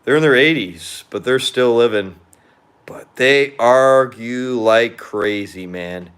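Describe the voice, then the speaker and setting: A man's voice: medium pitch, takes it slowly, a bit bright, clean tone. Young man venting, blunt and profane. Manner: drinking beer while chatting. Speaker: vlogger. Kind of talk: casual venting monologue.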